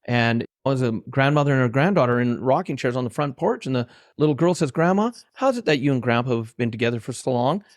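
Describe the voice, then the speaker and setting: A man's voice: mid-range voice, expressive, fast, few pauses, dry recording, clean studio sound. A man guest on an interview podcast, telling heartfelt personal stories and acting out the lines of the people in them. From Canada. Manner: heartfelt, anecdotal, quotes his own dialogue. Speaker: author and trainer, guest.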